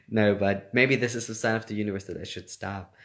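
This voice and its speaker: A young man whose first language is German chats casually on a livestream in a lowish, fairly bright voice. He's an actor answering fan questions, reading comments aloud and laughing often.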